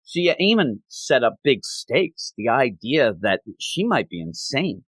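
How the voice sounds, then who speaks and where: A man's voice: medium pitch, very animated, measured pace, fairly bright tone, breathy edge, no room sound. A man hosting a comic book podcast, recapping a story in a conversational way and quoting characters' lines as he goes. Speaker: podcast host. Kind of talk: casual comic book review.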